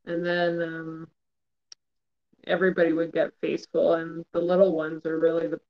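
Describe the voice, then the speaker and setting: A man with a rather high voice talks casually, pausing often with fillers and trailing off mid-thought. The sound is a little muffled. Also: monotone. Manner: hesitant, trailing off with fillers and laughs. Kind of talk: casual chat.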